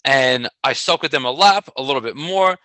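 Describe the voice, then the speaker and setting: A middle-aged man co-hosting a casual podcast, telling a story in an animated way and laughing often. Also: medium pitch, moderate pace, no room sound, rough recording. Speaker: podcast co-host, track coach. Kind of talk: casual chat.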